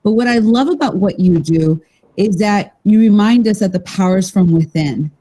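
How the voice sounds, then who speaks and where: A woman's voice: mid-range voice, normal speed, mellow, rough recording. A woman hosting an interview, talking in an effusive, rambling and enthusiastic way. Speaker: podcast host. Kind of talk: casual interview chat.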